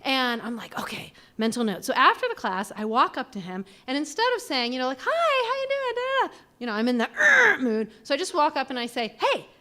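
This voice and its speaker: A woman in her forties telling a personal story live on a small theater stage, animated and self-deprecating, acting out the voices she quotes. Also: fairly high pitch, quick pace, few pauses.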